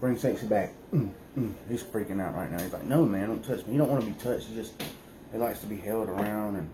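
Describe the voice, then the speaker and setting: A man's voice: lowish voice, fast, background noise. A man chatting casually to viewers in a morning vlog at home, rambling and talking to his pets. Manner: laid-back, rambling, talks to his pets. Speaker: vlogger.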